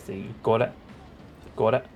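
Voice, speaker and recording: A man's voice: on the low side, steady tone, moderate pace, a little mellow. A man streaming a game, chatting in an upbeat, casual way and reading text aloud. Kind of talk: casual gaming commentary. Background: game music.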